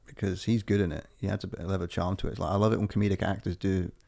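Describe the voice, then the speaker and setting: A man's voice: low voice, level tone, racing, creaky, darkish tone. A man co-hosting a podcast, rambling from tangent to tangent in casual, sweary chat. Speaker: podcast co-host.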